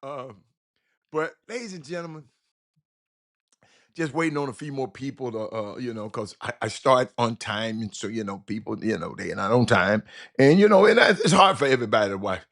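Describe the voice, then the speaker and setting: A man's voice: mid-range voice, lively intonation, normal speed, a bit bright. A man hosting a casual sports call-in show, loose and rambling, repeating words and talking to listeners as y'all.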